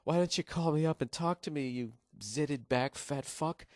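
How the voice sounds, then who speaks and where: A man's voice: on the high side, normal speed, darkish tone, no echo, clean studio sound, natural voice. A man mimicking a flirty chat-line woman. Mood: mock-sultry. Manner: teasing, sultry parody.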